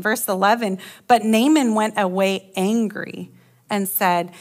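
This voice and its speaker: A woman pastor preaches a sermon, reading scripture and retelling it in an animated, storytelling way while asking listeners to agree. Her voice is a little high and her pace a little slow.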